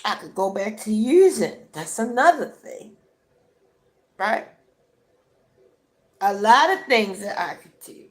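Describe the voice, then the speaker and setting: Tearful and crying while talking, a woman vlogger delivers an emphatic motivational talk to camera, repeating herself and frequently asking "right?". Her medium-pitched voice swings widely, and she takes it slowly with frequent pauses.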